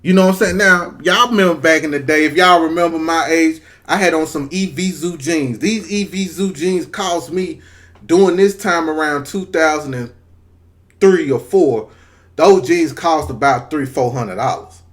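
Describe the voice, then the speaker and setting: A man in his forties casually telling a personal story to camera, profane and lively, acting out the voices of people in it. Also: fairly high pitch, normal speed. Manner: animated, profane, acts out quoted voices. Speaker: storyteller vlogger.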